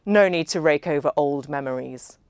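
A woman reading the part of a brash, drunk man who talks loudly and bluntly at a dinner party. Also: low-pitched, normal speed, smooth, dry recording. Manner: loud, blunt, dismissive. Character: brash, drunken, swearing male host at dinner.

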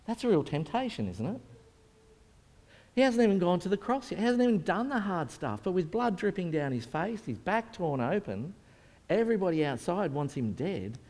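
A man's voice: high voice, sing-song, moderate pace, darkish tone. A man preaching a sermon in an earnest, conversational way, retelling scenes vividly. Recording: long reverb in a large hall.

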